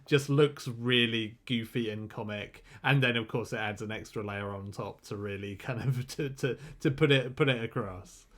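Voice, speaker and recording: A man's voice: mid-range voice, moderate pace, few pauses, fairly bright tone. A man co-hosting a podcast, trading wry, jokey asides in casual chat. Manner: wry, jokey asides, laughs while talking. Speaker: podcast co-host.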